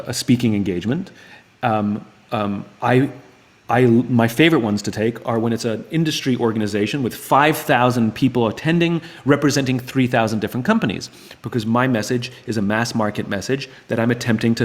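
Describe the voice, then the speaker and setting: Man, book club host, live Q&A, thinks out loud, restarts sentences, middle pitch. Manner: acts out both sides of dialogues in raised voices. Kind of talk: live Q&A talk to viewers.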